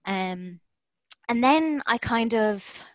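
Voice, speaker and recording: A woman's voice: fairly high pitch, expressive, drawn-out words, dry recording, muffled recording. A woman in her thirties from Ireland with an Irish accent, a podcast guest telling her story in a chatty way, laughing often and acting out what people said. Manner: chatty, laughs often, acts out quoted lines. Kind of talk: casual storytelling in an interview. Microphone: remote call.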